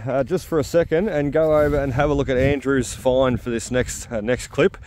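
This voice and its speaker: A cheerful Australian man of middle age chats away outdoors about his finds. His voice sits at an ordinary pitch, and he talks with an easy, enthusiastic manner, often pausing on a quick 'uh'. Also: steady tone, darkish tone. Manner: upbeat and chatty, with frequent 'uh' fillers. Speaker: metal detecting vlogger. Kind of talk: casual outdoor commentary. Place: outdoors at an old house site.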